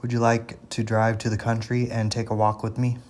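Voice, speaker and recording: A man voicing a kindly elderly grandfather in a children's story, gentle and warm as he speaks. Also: fairly low pitch, monotone, normal speed, lightly acted.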